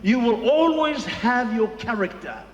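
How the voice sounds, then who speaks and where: High-voiced man preaching, slow emphatic lines, big echoey church hall. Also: lively intonation, dull audio, slight background noise. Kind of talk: bilingual sermon. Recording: echoey hall with long reverb.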